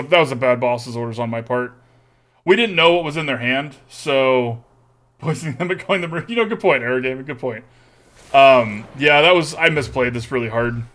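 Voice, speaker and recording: A man's voice: medium pitch, normal speed, fairly bright tone. A young man streaming a card game, thinking aloud and humming to himself as he weighs each play. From Texas. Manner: thinks aloud, mutters and hums while weighing plays.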